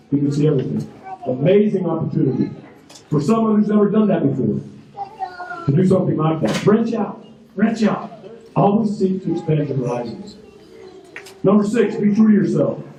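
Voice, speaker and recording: A man's voice: high-pitched, mellow. A man giving a motivational graduation ceremony speech, telling stories emphatically and repeating key phrases. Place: large ceremony hall. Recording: echoey hall, voice from far off.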